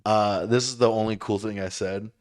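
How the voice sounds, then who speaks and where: Low-voiced man telling a rambling story. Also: fairly even intonation, normal speed. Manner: profane, rambling, self-mocking. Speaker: podcast host. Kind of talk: casual storytelling.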